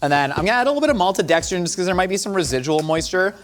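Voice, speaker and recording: A man's voice: high-pitched, expressive, racing, soft background music. A man in his thirties hosting a cooking show, joking and explaining the cooking steps as he goes. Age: 30s. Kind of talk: casual cooking chat.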